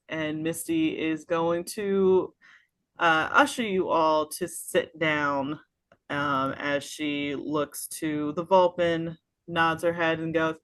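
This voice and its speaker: Woman dm narrating slow, lots of uhs, lowish voice, dry close mic. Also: steady tone, a bit bright, no echo. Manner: unhurried, many fillers. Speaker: game master. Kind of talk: narrating a tabletop game.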